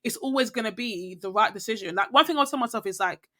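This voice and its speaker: A woman's voice: a little high, fast talker, fairly bright tone. A young woman who is a podcast guest, talking reflectively and rambling, often checking in with the listener. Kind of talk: reflective casual conversation.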